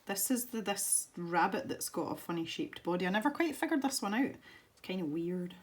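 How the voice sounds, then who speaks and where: A woman's voice: mid-range voice, lively intonation, brisk. A woman with a west-of-Scotland accent, chatting casually and rambling as she colours for a tutorial. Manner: chatty and rambling, self-deprecating. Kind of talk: casual chat while colouring.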